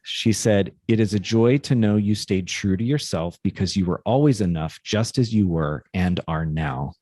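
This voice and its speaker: A male podcast co-host telling a personal story in a casual, thoughtful way, often halting and restarting. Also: sits low, warm tone, no echo, clean studio sound.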